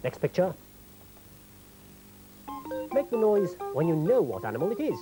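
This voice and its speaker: A children's television presenter talking slowly and coaxingly to young viewers, making animal noises in a sing-song manner. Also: mid-range voice, sing-song, music in the background, rough recording.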